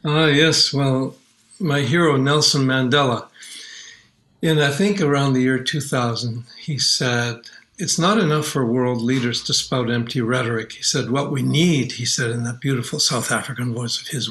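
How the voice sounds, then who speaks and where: An older man from Canada, a singer telling stories of his songs in an interview, earnest and unhurried. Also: medium pitch, fairly bright tone, low-quality recording. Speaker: children's singer and guest. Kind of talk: warm reflective interview talk.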